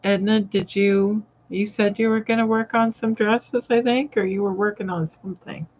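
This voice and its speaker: Speaking at normal speed in a mid-range voice with fairly even intonation, a woman runs a relaxed live sewing chat. She greets viewers by name and rambles as she works, with the stream's audio dull and lo-fi.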